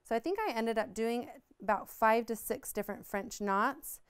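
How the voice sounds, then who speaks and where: A woman's voice: fairly high pitch, animated, normal speed, smooth. A woman giving a patient, upbeat step-by-step embroidery tutorial, explaining each move as she stitches. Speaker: embroidery instructor.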